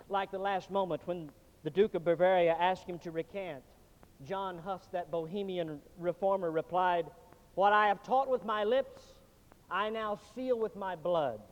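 A man preaching with a high-pitched voice, dramatic and sweeping from loud declarations down to near-hushed lines. The sound is dull and lo-fi, and his words ring out with the long reverb of a church sanctuary. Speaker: pastor. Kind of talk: sermon.

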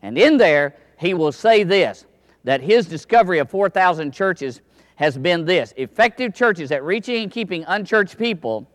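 A man preaching a sermon in a church, telling a story in a folksy style that swings between loud and quiet. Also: high voice, expressive, normal speed.

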